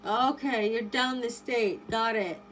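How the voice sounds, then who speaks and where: On her live tarot stream, a woman reads viewer comments and chats, full of exclamations and rambling restarts. Her slightly high voice is slow with a fairly bright tone, and the poor audio has slight background noise.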